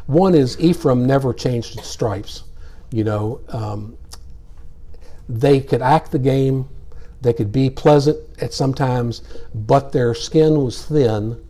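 A man's voice: mid-range voice, slow pace, warm tone. An older man teaching a casual Bible class, folksy and rambling, chuckling as he explains.

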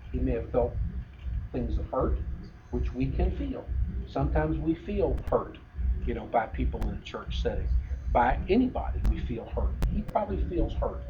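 A middle-aged man preaching a sermon in a conversational way, full of fillers and restarts. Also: medium pitch. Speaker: pastor. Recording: dull lo-fi sound with faint noise.

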